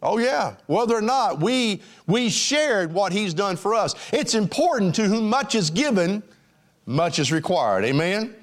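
A man's voice: high-pitched, sing-song, unhurried. A man preaching a sermon in a congregation, with an emphatic, rising and falling cadence and frequent fillers.

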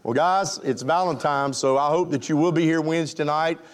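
A man's voice: fairly high pitch, steady tone, moderate pace. A male pastor preaching a sermon, folksy and joking, chatting with his congregation. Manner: folksy, joking, chuckling with the crowd.

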